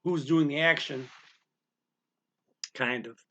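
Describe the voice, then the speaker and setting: A man's voice: on the high side, takes it slowly, a bit bright, muffled recording. A man teaching a language lesson in an informal, explanatory way, with frequent fillers and restarts.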